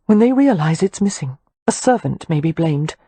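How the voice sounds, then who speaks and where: A woman's voice: deep voice, lively intonation, moderate pace, warm tone, breathy edge, no room sound. A woman playing a firm, protective eldest sister. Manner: firm and take-charge. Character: responsible eldest sister, brisk, protective and proud.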